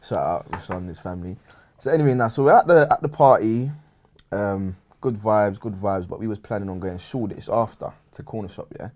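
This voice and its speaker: A man's voice: on the low side, brisk. A young man, telling a story to friends in casual slang. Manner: London slang, acts out the scene with raised loud quoted voices. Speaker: show regular telling a story. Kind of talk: animated storytelling among friends.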